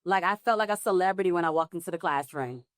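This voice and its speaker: A woman from New Jersey, a guest actress telling her story in a live interview, with lively acted-out dialogue. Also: lowish voice, quick pace, no echo, clean studio sound. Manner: animated, acts out dialogue with laughs and exclamations. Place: live pop-up event at a film festival.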